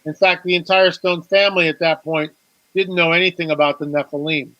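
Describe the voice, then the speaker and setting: Guy guest on a talk show, high bright voice, super animated, stumbles and repeats words, acts out quotes, dry sound. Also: a little fast, no room sound, highs cut off. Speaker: guest author.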